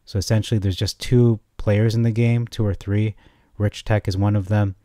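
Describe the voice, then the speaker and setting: A man giving a casual, rambling stock chart analysis, often correcting himself and getting excited. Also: fairly low pitch, normal speed, no echo, studio quality. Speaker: stock market commentator.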